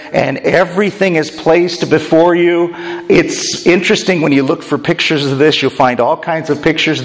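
A man giving a sermon in an animated, joking way, acting out the lines he quotes. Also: on the high side, in a large hall. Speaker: preacher.

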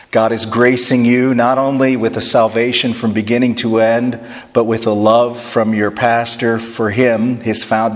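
A male pastor preaches a sermon, moving between close reading and playful asides to the congregation. His voice sits at an ordinary middle pitch. The sound carries a long hall reverb. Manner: animated, joking asides to the congregation. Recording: echoey hall.

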